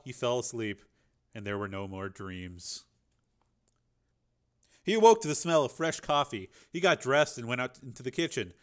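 Man narrating a dramatic audiobook. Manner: voices characters with shifting pitch.

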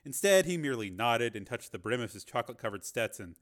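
A man's voice: medium pitch, very animated, quick pace. A man narrating a novel as an audiobook, reading steadily with the odd filler.

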